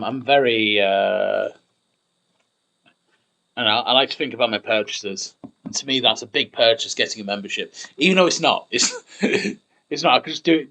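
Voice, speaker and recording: Chatty man, bright voice. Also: on the low side, a little hiss or hum, rough recording. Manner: rambling, chatty, self-mocking. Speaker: gameplay commentator. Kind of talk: casual gameplay commentary.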